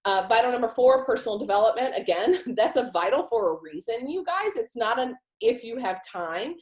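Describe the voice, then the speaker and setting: A woman's voice: a little high, lively intonation, normal speed, darkish tone. Emphatic upbeat woman coach, roomy sound. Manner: upbeat and emphatic, casual fillers. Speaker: team coach and leader. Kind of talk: motivational team call talk. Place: home in Hawaii.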